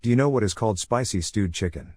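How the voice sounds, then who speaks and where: A man's voice: fairly low pitch, fast, darkish tone, no echo, close to an everyday voice. A man reading the lines of a bossy male dragon pet in a stern, commanding tone.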